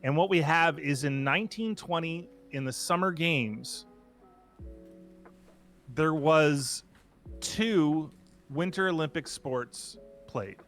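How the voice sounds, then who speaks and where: A man's voice: fairly high pitch, slow pace, long pauses, soft background music. A man co-hosting a podcast, chatting casually and joking while sharing trivia. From Canada. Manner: chatty, jokey, lively. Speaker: podcast co-host.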